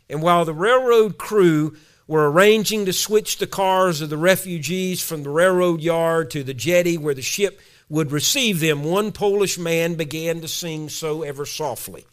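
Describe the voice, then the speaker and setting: A man's voice: on the high side, a bit bright. A male pastor preaching a sermon, telling a story in a storytelling way and ending in a spoken prayer.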